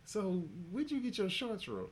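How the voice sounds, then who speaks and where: A laid-back woman , as quoted by a man telling a story, speaks with calm, lightly teasing ease. Nothing much bothers her. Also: high voice, normal speed, voice pushed up, rough recording. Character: unbothered grown woman by the pool.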